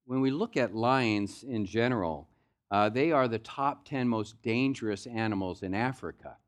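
A man's voice: lowish voice, moderate pace. Guy pastor giving a sunday sermon, chatty storyteller vibe. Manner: conversational, storytelling preacher. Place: church sanctuary.

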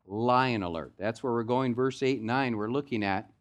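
A man's voice: medium pitch, steady tone, a little fast. A man preaching a sermon as pastor, in a loose, conversational storytelling way. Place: church sanctuary.

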